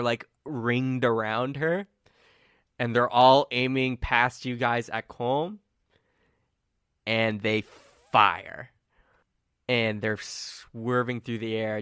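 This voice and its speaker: A man's voice: mid-range voice, fairly even intonation, slow pace, fairly bright tone, clear, resonant tone, dry recording, studio quality. A man acting as game master, narrating a tabletop game casually with many fillers.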